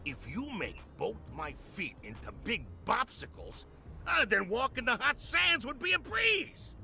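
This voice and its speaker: Picture a bright, gravelly grumpus trader in a video game, all hustle and chummy sales talk. His pitch swoops wildly from high to low as he works the customer. Game music plays faintly behind. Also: wildly swooping pitch, measured pace, a little hiss or hum, full character voice. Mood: salesy. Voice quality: gravelly, wheeling sales patter.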